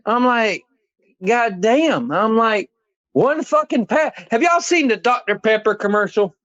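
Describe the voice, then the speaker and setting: A man, co-hosting a casual sports podcast, telling animated, profane stories and quoting himself. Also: sits high, measured pace, no room sound. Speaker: podcast co-host. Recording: dull, dry lo-fi sound.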